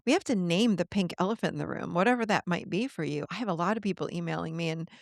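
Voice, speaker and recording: A woman with a low-leaning voice speaks quickly as a guest in a podcast interview, earnest and coaching in manner, acting out the voices of the people she quotes. The sound is clean studio audio with no room sound.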